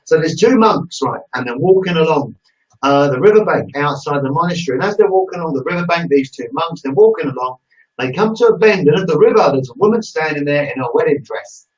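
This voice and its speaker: A man's voice: on the high side, lively intonation, fast talker, far from the mic, lo-fi sound. A British man hosting an interview, talking effusively and telling a story with gusto. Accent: British English. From United Kingdom. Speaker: interview host. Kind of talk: enthusiastic live-stream sign-off.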